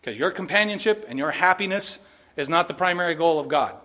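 A man preaching a sermon as pastor, earnest and conversational, with asides and soft chuckles. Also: fairly high pitch, animated, a little fast.

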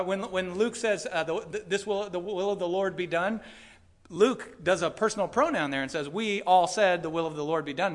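A male pastor preaching a sermon with passion, swinging between loud pleading and quiet reflection. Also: a little high.

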